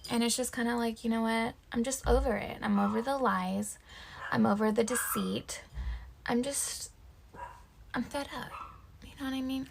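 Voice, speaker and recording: A woman's voice: fairly high pitch, creaky, slight background noise. A young woman telling a casual story time, dramatic and mock-serious. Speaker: vlogger.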